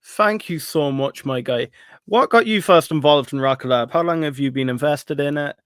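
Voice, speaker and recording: A man's voice: a little high, normal speed, fairly bright tone, clear, resonant tone, dry recording, studio quality. A man hosting a casual online audio chat, friendly as he reads out the chat. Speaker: host. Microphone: online audio call.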